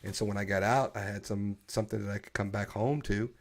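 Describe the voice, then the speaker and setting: A man hosting a casual live-streamed podcast chat, opinionated and animated, often restarting his sentences. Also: lowish voice, fast. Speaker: podcast host.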